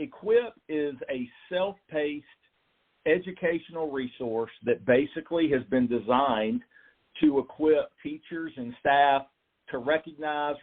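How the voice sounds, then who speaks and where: A man from southern Maine, a guest explaining his program in a steady, explanatory way with some fillers. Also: on the high side. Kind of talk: explaining in an interview. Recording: tinny phone-like line.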